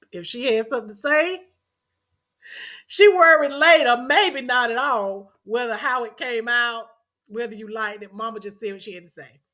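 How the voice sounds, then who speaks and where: A woman's voice: on the high side, sharp tone. A middle-aged woman, earnestly telling a personal story as a podcast host and repeating phrases for emphasis.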